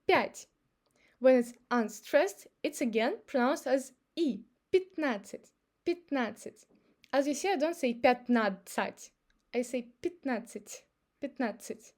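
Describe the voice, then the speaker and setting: A woman with a Russian accent teaching pronunciation, speaking clearly and patiently and modelling words slowly for her listeners to repeat. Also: a little high, darkish tone. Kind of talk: pronunciation lesson.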